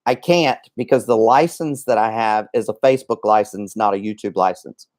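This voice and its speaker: A man's voice: fairly low pitch, moderate pace, a little mellow. A man hosting a casual livestream, chatty and rambling, with many fillers and restarts, a little out of breath. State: slightly out of breath. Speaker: livestream host.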